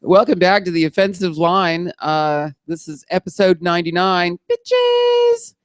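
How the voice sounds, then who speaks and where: A man's voice: high-pitched, fairly even intonation, moderate pace, fairly bright tone, smooth, dry recording, clean studio sound. A man hosting a podcast in casual chat, teasing his co-hosts and steering the show. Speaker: podcast host.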